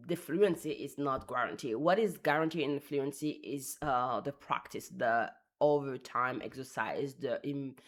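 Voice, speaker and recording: Woman musing on language learning. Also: deep voice. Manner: thoughtful, searching for words, self-correcting. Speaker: language vlogger. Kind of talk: casual reflective monologue.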